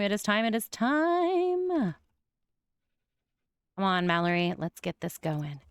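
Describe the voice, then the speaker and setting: A young woman commenting on her life-simulation game, gushing and often breaking into excited squeals. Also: lowish voice, vocal fry, clean tone, no echo, clean studio sound. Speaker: gaming YouTuber.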